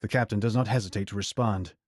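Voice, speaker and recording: A man narrating a fantasy audiobook in a measured, even storytelling voice. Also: lowish voice, no echo, studio quality.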